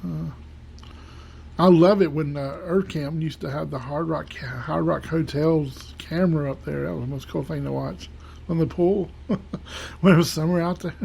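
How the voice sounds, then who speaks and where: Rambling gravelly man. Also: a little high, fairly even intonation, normal speed, a little mellow, slight background noise. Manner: rambling, many fillers and restarts. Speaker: podcast host. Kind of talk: casual solo radio-show monologue. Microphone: home desk microphone.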